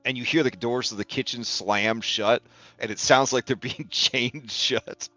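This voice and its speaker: A man's voice: medium pitch, fairly even intonation, a little slow, sharp tone, no room sound, faint music behind. A man running a tabletop game as game master, narrating in a laid-back, jokey way with casual swearing.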